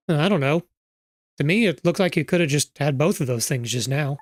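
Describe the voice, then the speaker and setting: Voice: medium pitch, lively intonation, normal speed, soft background music. A streamer giving casual gameplay commentary with wry asides, their throat sore from narrating.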